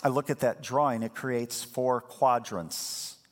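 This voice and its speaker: A man preaching a sermon as a pastor, telling the story with lively energy and acting out the voices of the people in it. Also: medium pitch, unhurried. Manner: lively storytelling, acts out quoted speakers. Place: church sanctuary. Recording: long hall reverb.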